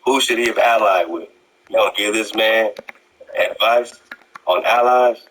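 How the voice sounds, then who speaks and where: Casting note: very deep, husky man, preachy reaction commentator. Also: a little slow, a bit bright, rough recording. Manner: preachy, challenging, repeats words.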